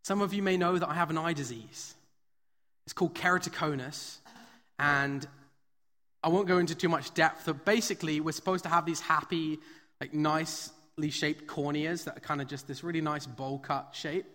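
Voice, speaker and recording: A man's voice: a little high, steady tone, moderate pace, bright, forceful tone. A man preaching a sermon at a live church service. He talks in a conversational, storytelling way and uses frequent fillers. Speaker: pastor. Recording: long reverb of a large hall.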